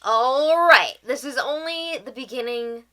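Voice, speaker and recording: A woman's voice: sits high, unhurried, a bit bright. A woman hosting a casual reality show recap, chatty and tossing in opinionated asides.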